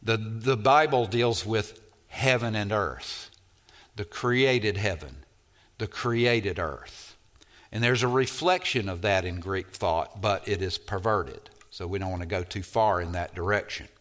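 A man's voice: on the low side, a little slow, a bit bright. A man preaching an expository sermon, repeating key phrases and leaning hard on single words for emphasis.

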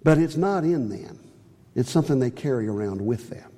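A man preaching a sermon in a church, earnest, swinging from high emphatic phrases to low quiet ones. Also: expressive, normal speed, big-room sound. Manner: earnest, rises high on key phrases and drops low on others.

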